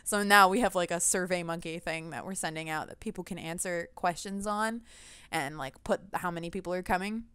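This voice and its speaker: A woman's voice: lowish voice, brisk, pushed and bright, clear, resonant tone, dry recording. A young woman venting animatedly in a casual vlog rant, laughing often. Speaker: gaming vlogger.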